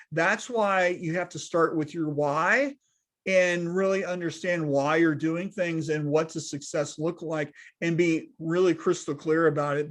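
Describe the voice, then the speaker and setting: A man speaking as a business consultant, giving casual advice and tagging points with rhetorical questions. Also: a little high. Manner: emphatic, asks rhetorical questions and tags them with "right?".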